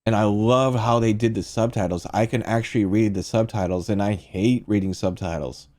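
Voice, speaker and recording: A man's voice: on the low side, steady tone, moderate pace, warm tone. A man streaming casual movie reviews, rambling and profane as he talks to his chat.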